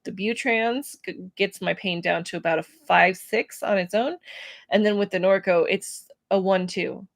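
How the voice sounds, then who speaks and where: A woman's voice: mid-range voice, creaky, dry recording, studio quality. Emotional woman talking to camera. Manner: emotional, searching for words, many pauses and fillers. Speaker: vlogger. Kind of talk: personal vlog talking to camera.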